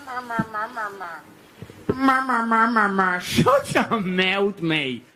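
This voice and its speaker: A high, bright, yapping mock voice, drawn out slowly and sneering, as a man puts it on to mimic someone. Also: lively intonation, heavily acted.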